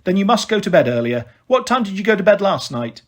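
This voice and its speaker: A man's voice: high-pitched, sing-song, fast. A man reading aloud and voicing a stern, scornful female schoolteacher who scolds sharply. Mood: scolding.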